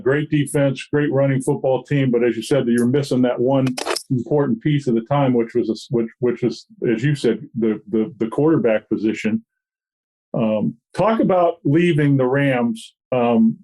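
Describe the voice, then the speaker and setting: A male podcast host with a mid-pitched, mellow voice. He asks his questions in a measured way, often pausing on fillers. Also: low-quality recording. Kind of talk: interview.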